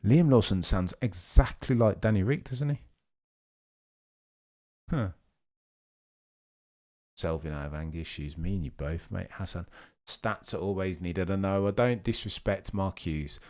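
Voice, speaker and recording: A young man with a lowish voice hosts a live race watchalong. He chats casually, reads out viewers' messages and answers them one after another. His talk is loose, with restarts and asides. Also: animated, a little slow, long pauses, darkish tone. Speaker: livestream host.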